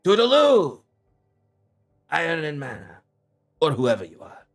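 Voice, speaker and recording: A man's voice: fairly high pitch, huge pitch swings, unhurried, vocal fry, voice pushed up, heavily acted. A man voicing a cagey male smuggler who talks about himself in the third person. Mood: cheery.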